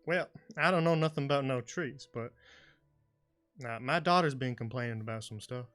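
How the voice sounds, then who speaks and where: A man's voice: medium pitch, normal speed, fairly bright tone, clean tone, natural voice. A man voicing an evasive, folksy middle-aged innkeeper with a put-on Southern drawl, hesitant and rambling.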